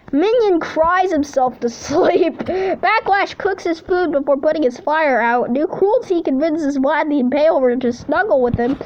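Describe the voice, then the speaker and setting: A high-pitched woman reads out a list of game events in a casual, playful way, tossing in jokes and cheers between them. The sound is dull and lo-fi, with a faint hiss underneath. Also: a little mellow. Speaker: channel host. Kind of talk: reading simulator results aloud with commentary.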